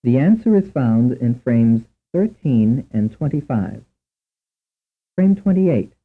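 A man narrating a language lesson in a measured, lecturing way. His voice moves animatedly up and down as he sets out each drill. The recording is thin and phone-like. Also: mid-range voice, sing-song, breathy edge. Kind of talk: scripted instructional narration. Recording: tinny narrow-band recording.

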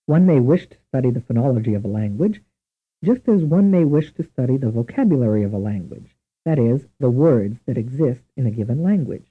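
Male instructor, husky, deliberate narration with a lively pitch for a tinny old taped language course. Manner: measured, deliberate, spells out each question and answer. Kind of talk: scripted language lesson narration. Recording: tinny lo-fi old tape recording.

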